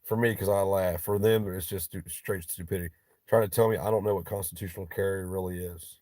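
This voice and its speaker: With a deep, slightly mellow voice and a steady tone, a man from Ohio hosts a casual livestream chat with viewers, recorded without echo. He talks briskly, bluntly and profanely, joking all the way.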